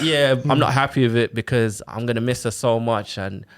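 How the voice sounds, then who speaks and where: A man, telling his own story on a podcast in a casual, animated way, full of quoted back-and-forth and fillers like "like" and "innit". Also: medium pitch, a little fast, clean tone. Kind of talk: casual chat, personal story.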